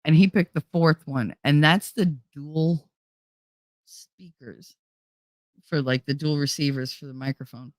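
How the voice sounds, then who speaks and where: A woman's voice: steady tone, measured pace, no room sound, clean studio sound. A woman hosting a casual livestream, chatting with her viewers, swearing freely, laughing a lot and swinging her voice up and down. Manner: swearing, laughing, swings high and low in pitch. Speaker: streamer host. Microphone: desk microphone.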